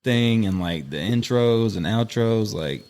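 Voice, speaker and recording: A man co-hosting a podcast in casual chat, halting and full of fillers. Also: fairly low pitch, expressive, a little mellow. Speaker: podcast co-host.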